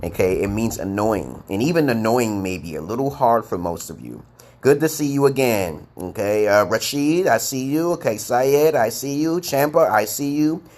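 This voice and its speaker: A man's voice: medium pitch, animated, moderate pace, a little mellow. A man teaching English on a live stream, reading out viewers' comments in a playful, boastful way. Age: adult. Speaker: online English tutor.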